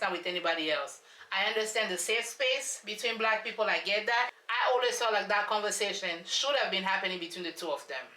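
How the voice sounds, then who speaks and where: A woman's voice: mid-range voice, bright, forceful tone, distant mic. A woman vlogger giving a casual, sassy recap of a reality show, dramatic and repeating lines for emphasis. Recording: echoey room, voice off-mic.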